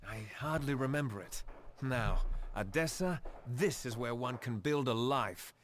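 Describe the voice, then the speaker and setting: A man voicing a soft, wistful gnome villager. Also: mid-range voice, a little slow, a little hiss or hum, natural voice. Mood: reflective.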